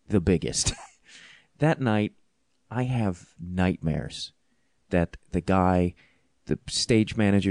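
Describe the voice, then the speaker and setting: A male podcast host tells a comic story with animated, self-deprecating energy and frequent laughter. His voice sits on the low side. The sound is dry and close. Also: no room sound.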